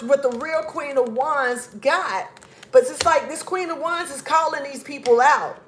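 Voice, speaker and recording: Woman tarot reader, blunt, cussing, emphatic, fairly high voice, faint background hiss. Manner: blunt, profane, emphatic, drops to mutters. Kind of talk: casual tarot reading vlog.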